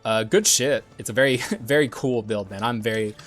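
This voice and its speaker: A young man giving casual gameplay commentary, excitable and swearing often, clearing his dry throat now and then. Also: mid-range voice, normal speed, faint music behind. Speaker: gaming YouTuber.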